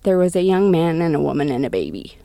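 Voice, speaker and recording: A middle-aged woman recounting a family tragedy in an interview, halting and restarting, lifting her voice when she quotes others. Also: deep voice, very animated, mellow, dry recording. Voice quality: gravelly. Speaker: interview guest, bereaved mother. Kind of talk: personal account in conversation.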